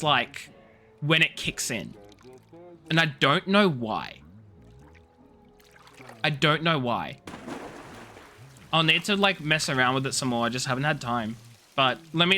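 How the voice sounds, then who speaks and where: Young dude streaming, jokey and rambly, highish voice, faint game music. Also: male voice, sharp tone. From Australia. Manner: playful, teasing, rambling with many restarts. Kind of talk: casual live-stream chat.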